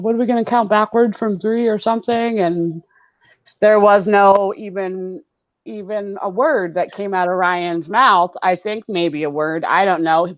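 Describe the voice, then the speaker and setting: A woman with a mid-range voice hosts a casual live-stream hangout over a video call, chatting, laughing often, and reading chat comments aloud. There's no room sound, and the audio is dull and lo-fi.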